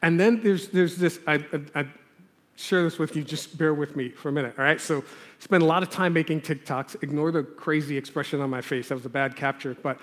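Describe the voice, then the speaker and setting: A man's voice: on the high side, steady tone, fairly quick, fairly bright tone. A male pastor preaching a sermon in a conversational, earnest way, pressing hard on key words. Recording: long hall reverb.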